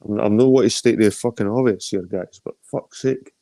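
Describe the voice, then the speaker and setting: A man's voice: fairly low pitch, brisk, mellow, no room sound. A middle-aged man with an Edinburgh Scottish accent chatting casually and profanely on a phone live stream, greeting viewers by name. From Scotland. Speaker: livestream host.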